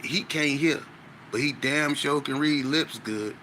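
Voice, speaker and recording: A man's voice: fairly high pitch, measured pace, slight background noise. A man in casual conversation, animatedly telling a story with speech. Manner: animated, with frequent "you know what I'm saying". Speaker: podcast guest.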